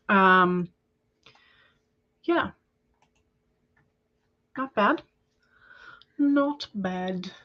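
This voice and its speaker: A woman's voice: medium pitch, fairly bright tone, lo-fi sound. A woman hosting a casual livestream chat, talking in a chatty, hesitant way with many ums and small laughs. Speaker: livestream host of writing sprints.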